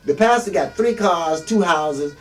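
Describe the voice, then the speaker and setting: A man's voice: high voice, expressive, measured pace. A man preaching a blunt, profane street sermon as a self-styled minister, older and talking from long experience. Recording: distant mic with faint music.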